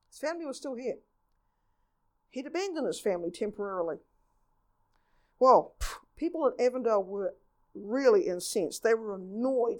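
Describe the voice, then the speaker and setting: A woman giving a lively local history talk, reading old newspaper reports and acting out quotes. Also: sits high.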